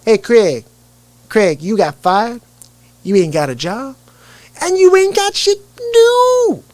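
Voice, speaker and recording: A man doing a loud, mocking impression of a well-known comic actor's high voice. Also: big pitch swings, takes it slowly, dry recording, full character voice.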